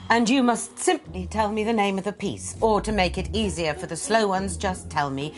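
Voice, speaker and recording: A woman's voice: mid-range voice, normal speed, close to an everyday voice. An actress playing a snooty woman who hosts a family quiz over a video call, pompous, proper and sarcastic. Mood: prim. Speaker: family member hosting a quiz round.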